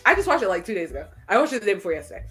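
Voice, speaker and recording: A young adult woman in casual chat, retelling a show's plot in an animated way and acting out characters' lines in quick voices. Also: medium pitch, faint music behind. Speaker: podcast co-host.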